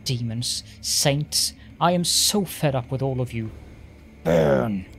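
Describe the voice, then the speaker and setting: A man's voice: mid-range voice, a little slow, noisy background, natural voice. A man voicing a furious young count.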